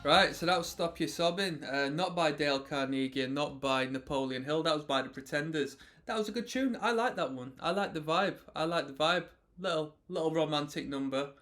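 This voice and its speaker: A chatty man reacts to an album in a loose, casual way, talking over the song and now and then singing along. His voice sits fairly high for a man. Rock music plays faintly behind him. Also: fairly quick, few pauses, fairly bright tone. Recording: music playing in the background.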